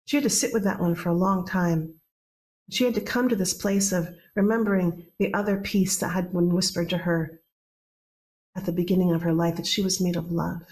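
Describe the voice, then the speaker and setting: A woman telling a myth in a relaxed, conversational way, with restarts and playful asides. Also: fairly low pitch, gravelly. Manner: conversational, playful, with many restarts and animated quoted voices. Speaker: storyteller. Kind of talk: oral mythtelling.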